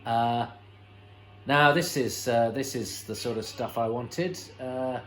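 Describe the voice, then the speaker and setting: A man's voice: mid-range voice, fairly even intonation, slow pace, a bit bright, a little hiss or hum, low-quality recording. A man hosting a watch-along, commenting on an old episode in a chatty, enthusiastic way with many fillers and restarts. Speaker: host.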